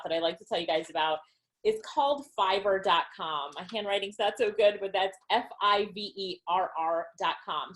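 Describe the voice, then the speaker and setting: A woman giving an upbeat, enthusiastic webinar talk as an online business trainer. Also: medium pitch. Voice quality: upbeat and enthusiastic, laughs between points.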